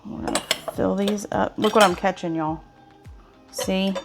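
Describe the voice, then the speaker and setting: A woman's voice: mid-range voice, fairly even intonation, a little slow, over music. A woman chatting folksily to viewers as she cooks in a home kitchen. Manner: chatty, folksy, talks to viewers while stirring. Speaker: home cooking vlogger. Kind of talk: casual cooking demonstration.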